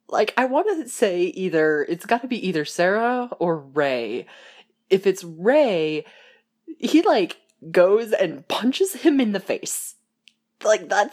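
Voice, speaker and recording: Low-voiced woman rambling with animated swings. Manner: rambling, laughing, acting out quoted lines in voices. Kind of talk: casual fan chat about a TV show.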